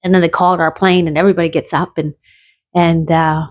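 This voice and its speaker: A woman's voice: on the low side, little pitch movement, brisk, no echo, muffled recording. A woman from Canada telling a rambling personal story in a chatty, casual way, with many restarts.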